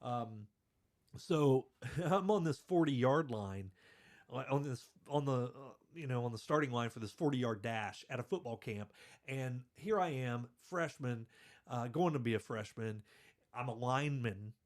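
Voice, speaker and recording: A man's voice: mid-range voice, lively intonation, unhurried. A man hosting a podcast, telling stories in a rambling, self-deprecating way and laughing through them. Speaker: podcast host. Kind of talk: casual storytelling chat.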